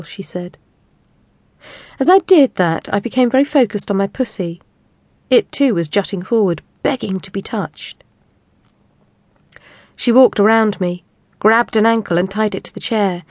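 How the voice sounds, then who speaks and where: A woman narrates an audiobook in the first person, her pitch sitting in the middle range. She reads in a steady, measured way. The recording is dry and close, with no room sound. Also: no echo.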